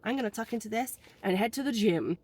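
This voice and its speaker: A young woman chatting candidly to camera in a travel vlog, hoarse from a cold and self-mocking. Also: a little high, expressive, fast talker, a little mellow. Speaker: travel vlogger. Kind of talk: casual vlog chat to camera.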